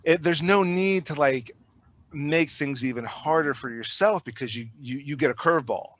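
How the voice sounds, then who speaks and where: A man, a filmmaker guest, telling stories in a casual podcast chat, rambling and animated, with frequent restarts and repeated words. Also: a little high, moderate pace.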